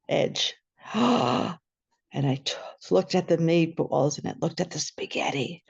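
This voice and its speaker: A woman telling a personal story at a storytelling event, animated and acting out the scene, over a video call. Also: lowish voice. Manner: animated, laughing, acts out the scene. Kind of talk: personal story told live. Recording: muffled video-call audio.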